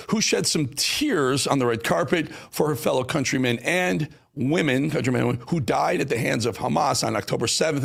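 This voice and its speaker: A man's voice: medium pitch, creaky, a bit bright. A man hosting a news talk show, delivering combative, sarcastic commentary on played clips.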